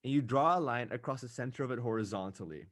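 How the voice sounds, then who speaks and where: A young man hosting a podcast in casual chat, ranting animatedly with quick asides. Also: mid-range voice, dry recording, studio quality. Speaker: podcast host.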